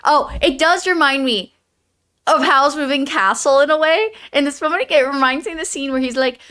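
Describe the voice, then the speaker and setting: A woman's voice: sits high, moderate pace, bright, forceful tone. Chatty young woman discussing a novel. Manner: chatty, jumps ahead, hesitant asides. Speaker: book podcast co-host. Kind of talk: casual book discussion.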